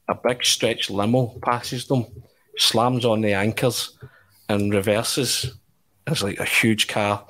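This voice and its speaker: A man, a journalist, telling an animated anecdote on a podcast, with chuckles along the way. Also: lowish voice, slow pace. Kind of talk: podcast storytelling.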